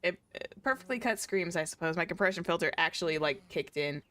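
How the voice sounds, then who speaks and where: A woman's voice: fairly low pitch, expressive, fairly quick, a bit bright. A young woman VTuber chatting casually on a gaming stream, rambling with many fillers. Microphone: desk streaming mic.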